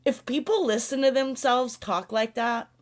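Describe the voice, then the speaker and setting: A woman's voice: fairly high pitch, moderate pace. A woman hosting a casual live chat, ranting sarcastically, swearing often and laughing a lot. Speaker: livestream host.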